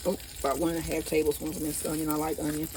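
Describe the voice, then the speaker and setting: A chatty, excitable woman walks through a home cooking vlog, her voice sitting a touch low. She gasps happily and often talks between bites. Faint noise hums quietly in her kitchen. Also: racing. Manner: chatty, excitable, gasping with delight, often tasting while talking. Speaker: cooking channel host.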